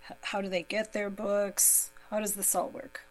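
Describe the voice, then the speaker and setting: A woman's voice: mid-range voice, level tone, moderate pace, rough recording. A woman moderating a local radio interview show, friendly and chatty, now and then tripping over her words.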